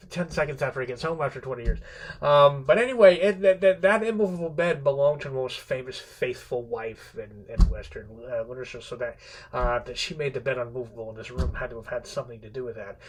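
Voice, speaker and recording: A male literature teacher retelling a story in a casual, rambling classroom lecture, often restarting his sentences and slipping in the odd swear word. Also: mid-range voice. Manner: rambling, many restarts, playfully quotes characters; irreverent, occasional swearing.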